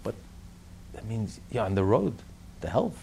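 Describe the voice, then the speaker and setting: A man's voice: on the low side, very animated, measured pace, gravelly, warm tone, a little hiss or hum. A man teaching a religious text class in an emphatic manner, repeating his points and asking rhetorical questions. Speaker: Torah teacher.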